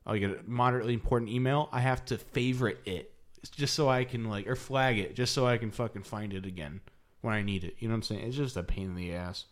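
A man's voice: on the low side, fast talker. Rambling, profane podcast co-host man. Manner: rambling, swears often, many restarts. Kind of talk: casual chat.

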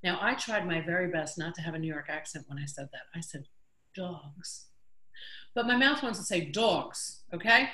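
A woman's voice: fairly low pitch, expressive, fast talker, few pauses, bright, forceful tone, reverberant. A woman hosting a podcast, chatting in an upbeat, jokey way. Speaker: podcast host. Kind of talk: casual chat. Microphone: video call.

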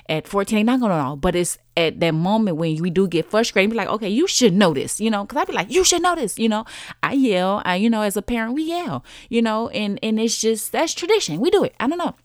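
A woman in her thirties hosts a casual solo podcast, chatting encouragingly and speaking directly to her listeners. Her mid-range voice has a clean tone, captured with clean studio sound and no echo.

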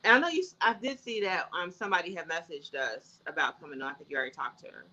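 A woman's voice: on the low side, fast, bright, forceful tone, lo-fi sound. A woman co-hosting a podcast in casual chat, blunt and joking, swearing freely. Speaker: podcast co-host.

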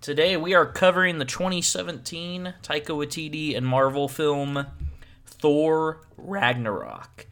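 A man's voice: fairly high pitch, measured pace, a bit bright. Upbeat laughing male podcast host. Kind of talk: casual podcast chat.

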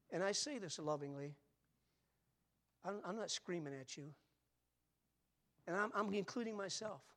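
A man in his seventies preaching a sermon, moving from quiet, conversational asides to loud, emphatic calls. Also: high voice. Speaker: pastor.

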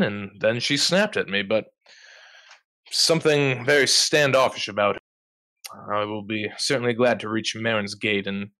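A man's voice: lowish voice, bright, forceful tone, smooth, dry recording. A man voicing a pompous, weary male traveler who talks in a formal, fussy way. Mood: snooty. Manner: formal, fussy, mannered phrasing.

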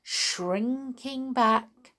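A woman reading a children's story aloud with expressive, dramatic delivery. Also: fairly high pitch, extremely slow.

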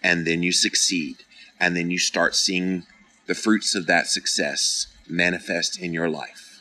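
A man's voice: low voice, steady tone, a little slow, pushed and bright, rough recording. A middle-aged man hosting a podcast, talking casually and earnestly as he encourages listeners and reads out their comments. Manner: earnest, encouraging, playfully dramatic. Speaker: podcast host reading live comments. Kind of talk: casual motivational talk.

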